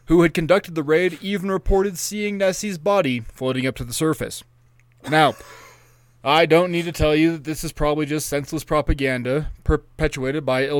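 A man tells rambling, profane stories as a podcast co-host, a couple of drinks in. His voice sits a bit high, and the sound is dry and close with no room echo. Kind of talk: casual chat.

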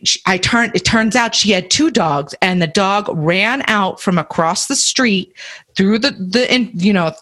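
Animated woman telling a story. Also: medium pitch, unhurried. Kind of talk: casual radio talk show chat.

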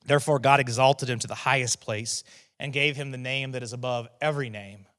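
Conversational pastor preaching with loud bursts. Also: male voice, mid-range voice, fairly even intonation, brisk. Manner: conversational, restarts and asides to the congregation; builds to loud emphatic proclamations on key phrases. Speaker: teaching pastor. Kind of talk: sermon.

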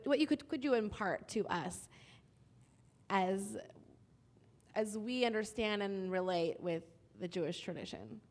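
A woman asking a guest friendly, curious questions in front of a church group. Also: medium pitch. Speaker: interviewer.

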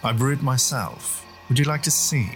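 A man voicing an eccentric old male doctor with a crackly, popping radio-speaker voice, a slight foreign hint and slow, deliberate speech. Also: medium pitch, fairly bright tone, soft background music, natural voice. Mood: genial.

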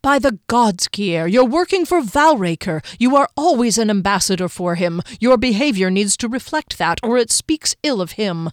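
A woman's voice: medium pitch, animated, moderate pace, hardly any pauses, no room sound, studio quality, lightly acted. A woman narrator voicing a stern, earnest male knight who speaks formally and reprovingly.

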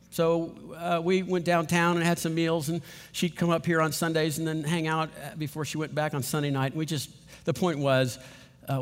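A man's voice: a little high, long reverb tail. A middle-aged man preaching a sermon, telling a heartfelt family story with repeated phrases, then leading a prayer. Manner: personal storytelling, emotional, repeats himself. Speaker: pastor.

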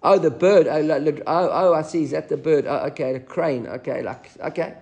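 Animated man teaching a Talmud class. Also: fairly high pitch, brisk, creaky. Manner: animated, mixes English with Aramaic readings.

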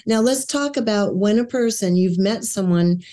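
A woman hosting a conversational interview. Her tone is mellow and unhurried, and she asks careful questions while affirming her guest. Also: medium pitch. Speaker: interview host.

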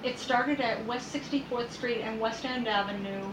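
A woman's voice: fairly high pitch, normal speed, echoey room, background noise. A woman chatting casually at home, reading out news bits with lots of fillers and restarts. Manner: chatty, reads news aloud with many fillers. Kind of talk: casual chat. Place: at home, indoors.

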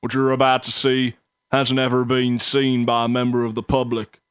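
A man voicing a smug male secret agent who speaks gravely and self-importantly. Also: medium pitch, monotone, normal speed, dry recording, clean studio sound, lightly acted. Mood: solemn.

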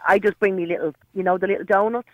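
A woman's voice: medium pitch, steady tone, quick pace, dry recording, narrow, tinny audio. An Irish woman calling in to a radio show, telling a story in a chatty way with plenty of hesitant fillers. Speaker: caller. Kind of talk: phone-in chat.

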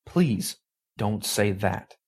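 Male reader doing a scared young woman, small and husky. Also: lowish voice, wildly swooping pitch, takes it slowly, heavily acted. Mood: frightened. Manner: small, hushed voice. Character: frightened young woman office worker.

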